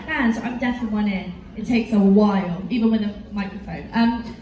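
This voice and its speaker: A woman's voice: medium pitch, normal speed, lo-fi sound. A woman answering fan questions at a convention panel, telling rambling stories full of fillers and giggles. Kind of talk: casual convention Q&A. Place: large convention hall. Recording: echoey hall, voice from far off, background noise.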